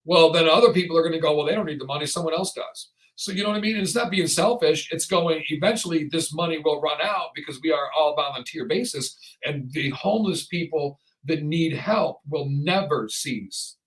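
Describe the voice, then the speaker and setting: A man hosting a casual podcast chat, rambling and animated, often acting out the voices of people he quotes. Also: fairly high pitch, moderate pace, hardly any pauses, rough recording. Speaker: podcast host.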